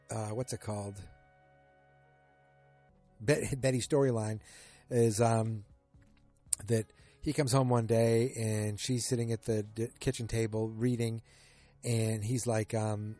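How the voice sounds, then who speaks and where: Man, podcast host, casual recap, rambling with fillers, mellow tone, dry close sound. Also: medium pitch, dry recording. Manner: rambling, many fillers and restarts.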